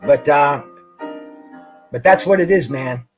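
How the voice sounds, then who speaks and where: High-voiced stammering man, casual chat. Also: takes it slowly, soft background music, low-quality recording. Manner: stammering, repeats words, slangy. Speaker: boxing show host.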